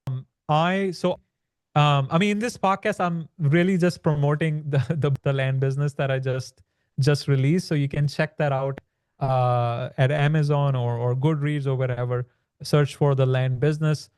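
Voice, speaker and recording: A man with a steady voice on the high side, a little mellow and clean, talks at a moderate pace as a podcast guest who writes about the land business. His casual explanations in the conversational interview are dotted with "like" and "right?", recorded dry in studio quality.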